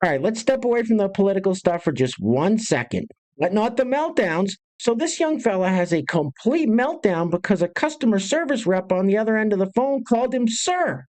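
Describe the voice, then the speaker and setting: Host: a man, brisk and sarcastic, casual commentary to camera. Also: high-pitched, big pitch swings, a little mellow. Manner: brisk, sarcastic, addresses viewers directly.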